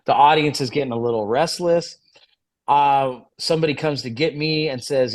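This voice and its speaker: Profane, animated man telling road stories. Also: mid-range voice, moderate pace. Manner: profane, animated storyteller, acts out quoted dialogue. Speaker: guest musician and promoter. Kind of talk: casual interview storytelling.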